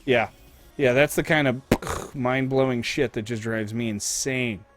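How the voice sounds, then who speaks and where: A young man streaming live, ranting and telling stories in a casual, profane, animated way. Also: mid-range voice, unhurried, soft background music.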